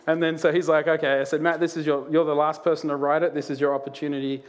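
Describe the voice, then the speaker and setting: A man preaching from a church stage, his voice sitting a touch higher than most men's. He tells stories in a lively, animated way and laughs his way through the funny parts. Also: quick pace. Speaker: pastor. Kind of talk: sermon with a humorous story. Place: church auditorium.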